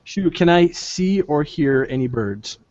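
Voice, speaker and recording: A man's voice: a little high, expressive, unhurried, darkish tone, lo-fi sound. A man playing a tabletop game, asking the game master eager questions. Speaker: player. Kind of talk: tabletop role-play banter.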